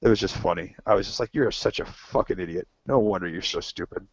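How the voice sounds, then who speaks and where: A man's voice: sits low, fast, husky, no room sound. Rambling, swearing man telling stories. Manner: rambling storyteller, swears freely, acts out quotes. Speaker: co-host. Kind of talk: casual banter among friends. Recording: dull lo-fi podcast audio.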